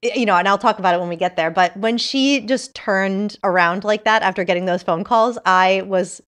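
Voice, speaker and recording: A woman co-hosting a podcast, chatting casually about a TV show, animated and gushing, laughing often. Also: mid-range voice, fairly quick. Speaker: podcast co-host. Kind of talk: casual TV review chat.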